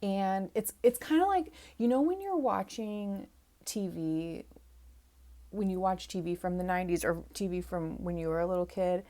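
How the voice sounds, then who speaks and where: A woman's voice: mid-range voice, lively intonation, moderate pace, mellow. A woman in her thirties hosting a show recap in casual solo chat, rambling and opinionated with lots of fillers and restarts. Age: 30s. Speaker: podcast host recapping a reality show.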